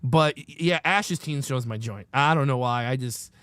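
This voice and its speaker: A man co-hosting a casual film review chat, retelling favorite scenes with animated enthusiasm and casual swearing. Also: medium pitch, normal speed, clear, resonant tone, no room sound. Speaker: podcast co-host.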